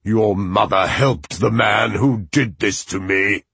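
A man voicing a cruel, ailing old tyrant king in an audiobook, snarling slowly and with menace. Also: on the low side, creaky, a bit bright, slightly rough, no echo, full character voice. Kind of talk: audiobook character voice.

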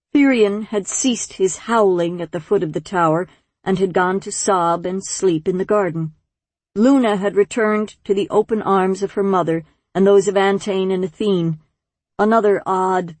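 Woman narrator, audiobook, very slow pace, dry close recording. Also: mid-range voice, no echo. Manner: measured, gentle storytelling. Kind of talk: scripted narration.

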